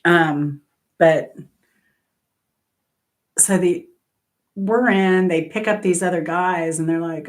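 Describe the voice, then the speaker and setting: Low-voiced woman telling rambling stories. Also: takes it slowly, long pauses. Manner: rambling travel anecdotes with self-corrections and laughs. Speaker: host of a music trivia channel. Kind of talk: casual chat.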